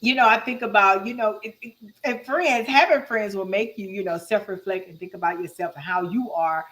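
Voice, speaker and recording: A woman's voice: mid-range voice, a little fast, a bit bright, rough recording. A woman co-hosting a casual talk show, speaking emphatically and self-assuredly, laughing often. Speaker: co-host. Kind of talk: casual chat.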